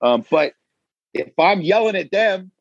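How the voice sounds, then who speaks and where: A man's voice: high voice, expressive, a little slow, creaky, breathy edge, dry recording, highs cut off. A man talking as a podcast guest in casual chat, a firefighter and dad who acts out quoted voices and says dude and bro.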